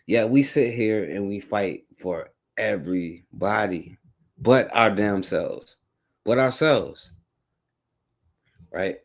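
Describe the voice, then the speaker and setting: Man, talk radio host, lowish voice, casual political commentary, rhetorical, conversational. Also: slow pace, long pauses. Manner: conversational, rhetorical, many "right?" and "you know what I'm saying".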